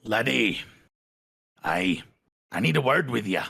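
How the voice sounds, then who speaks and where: A man voicing a gruff, blunt male dwarf adventurer who speaks slowly and deliberately, with folksy words like aye and laddie. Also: mid-range voice, animated, sharp tone, pitched above the performer's own voice, exaggerated voice.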